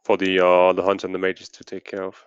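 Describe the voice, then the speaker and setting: Deep smooth-voiced guy on a dull gaming mic, dry sound, talks strats calmly and hedges a lot. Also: no echo. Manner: measured, hedging with "I think". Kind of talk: casual voice chat strategy talk.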